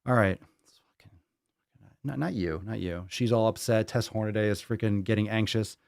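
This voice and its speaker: A man hosting a casual livestream podcast from his home podcast room, loud, joking and profane, cooing at his cat between bits. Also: fairly low pitch, fairly even intonation, moderate pace, gravelly, clear, resonant tone, dry recording, clean studio sound. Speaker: podcast host.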